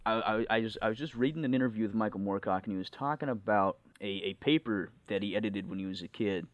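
Enthusiastic low-voiced male musician guest. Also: fast talker, no room sound. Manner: enthusiastic, rambling, many fillers. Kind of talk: casual interview chat.

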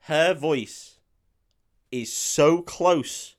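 Co-host, man, slightly higher voice, loose sweary film-recap banter, plenty of laughter. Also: extremely slow. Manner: sweary, laughing, acts out quoted lines. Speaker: podcast co-host. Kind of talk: casual film recap chat.

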